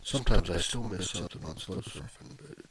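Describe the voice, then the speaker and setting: Deep-voiced guy talking over a screen recording at his desk, loose and rambly, lots of ums. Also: a little fast, a crowd in the background. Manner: rambling, with many fillers and restarts. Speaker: video blogger. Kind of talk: casual screen-recording narration. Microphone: plugged-in desk microphone.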